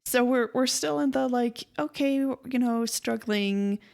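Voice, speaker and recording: A woman's voice: fairly high pitch, a little slow, creaky, a little mellow. A young woman co-hosting a casual podcast, retelling a story in a chatty way, acting out quotes and laughing easily. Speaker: podcast co-host.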